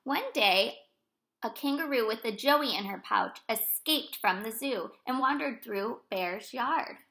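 A woman reads a picture book aloud to young children with lively, animated delivery. Her voice is high and bright. She speaks warmly and directly to her little listeners. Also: a little slow, low-quality recording. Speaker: storyteller for children.

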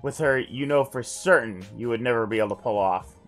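A man streaming himself reading a text adventure aloud, his voice pitched at an ordinary middle height. He slips from narration into joking side comments, with faint music playing behind him. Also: a little fast, a bit bright. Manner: joking asides between narration.

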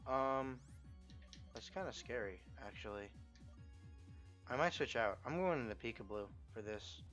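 A young man giving excitable, profane let's play commentary and reacting loudly to the game. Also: medium pitch, unhurried. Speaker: gameplay commentator. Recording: slightly muffled, game music behind.

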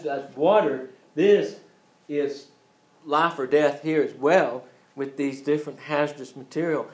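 A man's voice: medium pitch, a little mellow, echoey room, low-quality recording. A man teaching an EMT class in a casual lecture style, joking and acting out scenes as he goes. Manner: joking, acts out scenes with voices. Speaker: EMT instructor.

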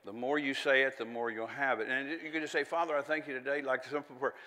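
A man's voice: medium pitch, steady tone, quick pace, bright, forceful tone, in a large hall. A man preaching a sermon in a folksy, conversational way, with chatty asides and little laughs.

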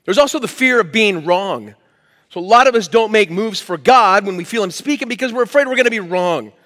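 A man's voice: high-pitched, expressive, a little fast, a bit bright. Man preaching in an echoing church. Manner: conversational preaching, emphatic rises. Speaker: pastor. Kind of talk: sermon. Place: church hall.

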